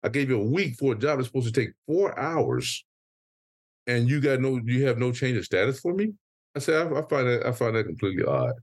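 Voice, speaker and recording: A man co-hosting a casual podcast chat, venting with a profane, animated story full of quoted back-and-forth. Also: mid-range voice, brisk, husky, no room sound, clean studio sound. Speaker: podcast co-host.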